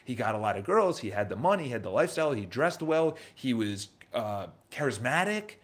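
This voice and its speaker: A man's voice: medium pitch, big pitch swings, fairly quick. A man in his thirties with a New York accent, hosting a casual motivational livestream, emphatic and repetitive, with a lot of rhetorical questions. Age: 30s. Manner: emphatic, repeats himself, asks rhetorical questions. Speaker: livestream host.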